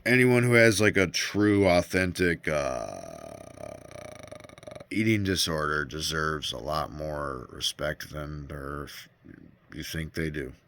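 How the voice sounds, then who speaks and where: Deep-voiced man in a profane rambling rant. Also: slow, fairly bright tone, a little hiss or hum. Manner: rambling, profane, self-interrupting. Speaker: vlogger. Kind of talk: rambling personal vlog rant.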